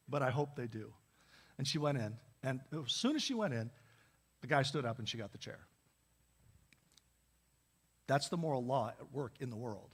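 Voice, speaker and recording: High-voiced man preaching a sermon. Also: fairly bright tone. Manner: storytelling, conversational with repeated restarts. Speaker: pastor. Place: church.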